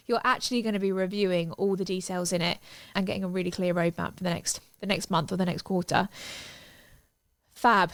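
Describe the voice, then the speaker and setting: A woman teaching a step-by-step software tutorial in an upbeat, chatty, enthusiastic way. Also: mid-range voice, no echo. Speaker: online business tutor.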